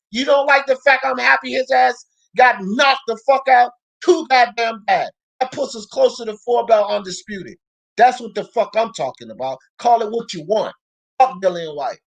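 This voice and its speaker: A woman's voice: on the high side, vocal fry. Ranting, foul-mouthed woman boxing host. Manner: loud, profane, ranting, often shouting. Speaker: sports talk show host. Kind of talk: heated boxing commentary rant.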